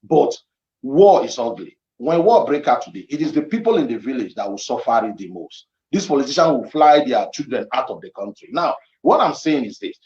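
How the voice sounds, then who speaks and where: Man, Nigerian accent, political commentary, emphatic and repetitive, lively pitch, echoey dull recording. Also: brisk. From Edo State, Nigeria.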